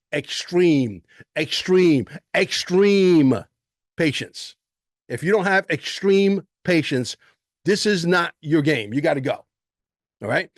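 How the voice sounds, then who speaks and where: A man's voice: a little high, dry recording, studio quality. An older man hosting his own show, talking casually in a rambling, emphatic way and repeating words for stress. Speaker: host and precious metals dealer. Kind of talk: casual livestream talk.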